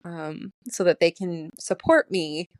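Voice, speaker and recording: Solo podcast host, woman, late 30s, lowish voice, tearful and shaky, laughs between thoughts, dry close sound. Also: fairly even intonation, slow pace, no echo. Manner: emotional, laughing through her words. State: voice shaking, close to tears. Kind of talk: solo spiritual diary podcast.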